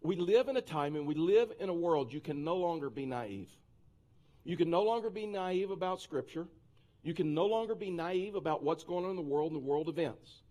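A male pastor preaching a sermon, telling a personal anecdote in a lively, conversational way with many restarts and asides. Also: fairly high pitch.

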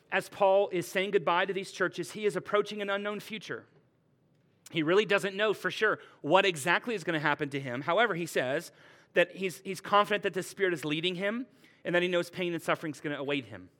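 Slightly high-voiced male pastor preaching. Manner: conversational, lively preaching with playful retellings. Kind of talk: sermon.

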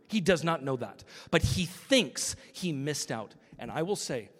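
A man's voice: mid-range voice, sing-song, measured pace, husky, big-room sound. A man preaching a sermon as pastor, acting out quotes and dropping to a whisper for emphasis.

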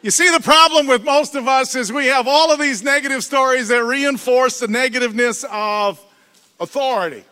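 An older man preaching a sermon in a church, telling stories in a lively way. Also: extremely high pitch, normal speed, clean tone. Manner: storytelling, lively, shifts into character voices. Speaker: guest preacher. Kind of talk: sermon with a told joke. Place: church sanctuary. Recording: church hall reverb.

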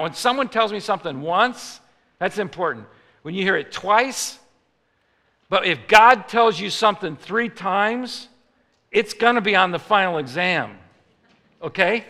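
A male preacher from Chicago tells a comic story in a lively, animated way, now and then rising into mock outrage. His voice is gravelly and very bright and sits a little high. A long hall reverb hangs on every line.

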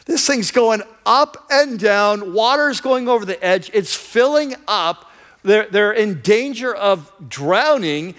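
High-voiced male pastor telling a story. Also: lively intonation, slow, a bit bright. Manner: conversational, vivid storytelling; enthusiastic. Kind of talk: sermon.

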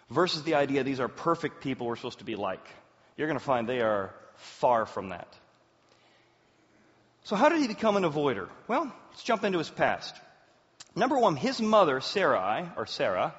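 A man in his forties, a pastor preaching a sermon as an animated storyteller, with big swings in pitch and loudness. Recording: roomy hall, dull sound.

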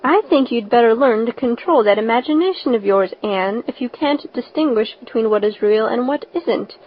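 A woman voicing a stern, practical older woman who speaks in a brisk, scolding way. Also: fairly high pitch, expressive. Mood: severe. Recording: dull lo-fi recording.

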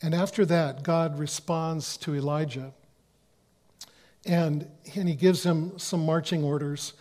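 A man preaching a sermon in an earnest way, often restarting phrases and dropping to a hush for quoted words. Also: on the high side, fairly even intonation, a little slow. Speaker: pastor.

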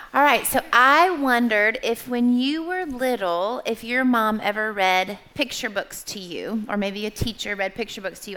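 Chatty woman telling a story. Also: medium pitch. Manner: animated storytelling, chatty, audience questions. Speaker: small group leader giving a talk. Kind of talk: church testimony talk.

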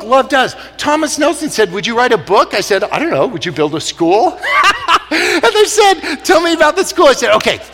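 A middle-aged man giving an animated, joking talk to a church crowd, moving from hushed lines to loud punchlines. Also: sits high. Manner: animated, jokey, swings from quiet to loud. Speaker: speaker. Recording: long reverb of a large hall.

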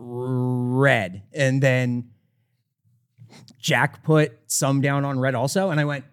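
A man hosting a podcast, telling an anecdote in a casual, animated way and acting out the people in it. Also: medium pitch, takes it slowly, clear, resonant tone. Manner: animated storyteller, laughs often, acts out the people he quotes. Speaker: podcast host. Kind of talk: casual storytelling chat.

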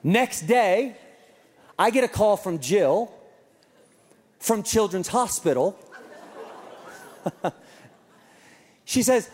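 A man's voice: high voice, animated, extremely slow, pauses often, a little mellow. A man preaching a sermon, telling a family story with joking asides. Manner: humorous storytelling. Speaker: pastor. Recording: long reverb in a large hall.

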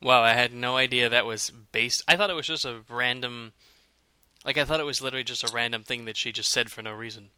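A man co-hosting a casual chat, talking in a relaxed way with many fillers and restarts. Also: mid-range voice, fast talker, clear, resonant tone, no room sound.

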